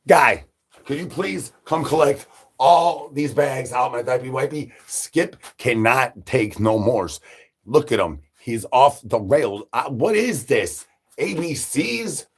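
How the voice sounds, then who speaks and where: Husky man, mid-pitched, rambling comic livestreamer who throws in sudden shouted lines. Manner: absurd nonsense banter, sudden high shouted asides. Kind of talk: rambling comic live stream.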